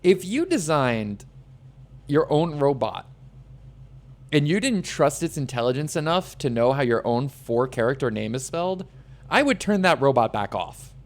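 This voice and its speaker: With a medium-pitched, sing-song voice at normal speed, a New Jersey streamer keeps up chatty, sarcastic commentary as he plays. It's casual gameplay talk.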